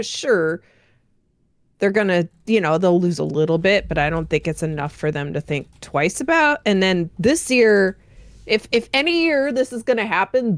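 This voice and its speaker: A woman's voice: on the low side, no echo. A woman guest in a casual gaming discussion, talking things through thoughtfully with frequent hedges and "right?" checks. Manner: thoughtful, hedging, lots of "like" and "right?". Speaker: guest commentator.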